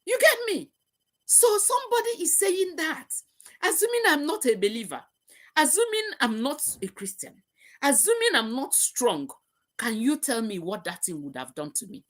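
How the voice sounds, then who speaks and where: A woman's voice: high-pitched, very animated, moderate pace, a bit bright. A middle-aged woman hosting a live talk, speaking passionately and repeating herself as she preaches. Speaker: host. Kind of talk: emotional live-stream talk.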